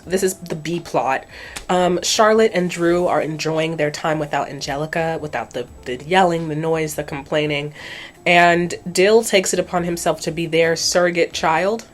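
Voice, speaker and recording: A woman's voice: deep voice, moderate pace. Chatty woman recapping a cartoon. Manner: chatty and expressive, swears, slips into characters' voices. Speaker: YouTube recap host. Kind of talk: casual cartoon episode recap.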